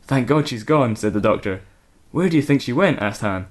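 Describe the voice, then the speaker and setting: A man, co-host of a podcast, reading crude fan fiction aloud in a mostly deadpan voice and chatting casually about it. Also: medium pitch, brisk.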